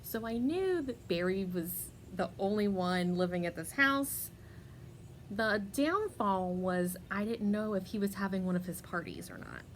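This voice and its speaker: Slow-talking woman telling a story. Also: mid-range voice, big pitch swings, a little hiss or hum. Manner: chatty, laughs often, many fillers and restarts. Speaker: podcast host. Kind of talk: casual personal storytelling.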